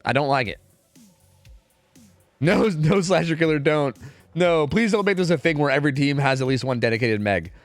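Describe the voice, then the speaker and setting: A man's voice: fairly high pitch, fairly quick, no echo, faint music behind. A young man casting esports scrims live on stream, profane and trash-talking as he commentates.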